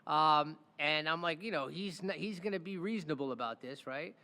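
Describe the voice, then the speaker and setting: Speaking at normal speed, a high-pitched criminal defense attorney tells stories on his own podcast in a chatty, animated way. He often asks "right?" and acts out the people involved, while a long reverb makes him sound like he is in a large, echoey room.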